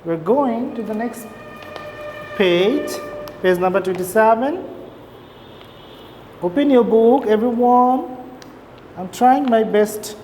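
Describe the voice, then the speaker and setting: A woman teacher giving an English reading lesson to young children, explaining slowly and checking in with "okay?". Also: a little high, warm tone, soft background music. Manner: slow, simple explanations with repeated "okay?". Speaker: primary school teacher. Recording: long reverb, faint background noise.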